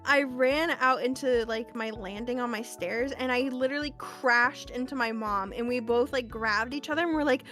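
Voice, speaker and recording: A woman's voice: a little high, normal speed, few pauses, soft background music. A young woman streaming, telling stories in a casual chat full of fillers and swearing. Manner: animated storytelling, lots of fillers and swearing.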